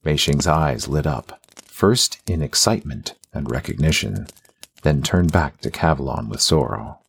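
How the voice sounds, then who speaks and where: A man narrating a fantasy audiobook with a steady, even storytelling delivery. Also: very deep voice, measured pace, creaky, a little hiss or hum.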